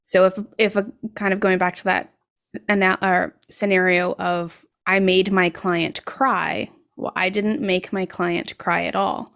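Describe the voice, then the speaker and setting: A woman coach and counselor whose voice sits a little low. She reflects on her points in a measured, thoughtful way. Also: little pitch movement, vocal fry, fairly bright tone. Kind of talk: casual panel discussion.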